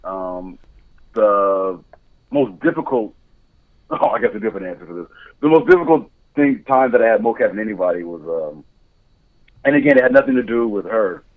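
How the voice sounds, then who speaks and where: A man's voice: on the low side, very animated, normal speed, pauses often. A man guest chatting candidly on a podcast, telling stories with frequent laughs. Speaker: guest, motion capture director. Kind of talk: casual podcast chat. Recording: tinny phone-like line.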